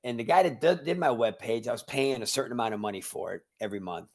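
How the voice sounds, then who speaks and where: A man's voice: medium pitch, quick pace, a little mellow. A man who runs a martial arts school, telling rambling stories in a casual podcast chat. He often repeats words and acts out the conversations he describes. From Cleveland, Ohio area. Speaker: judo instructor. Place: remote call.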